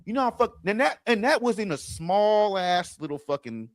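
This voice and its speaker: A man hosting a podcast, telling stories in casual chat, profane and animated, acting out what people said. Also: high-pitched, normal speed, no room sound, studio quality. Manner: profane, animated, acts out quotes. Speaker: podcast host. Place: studio.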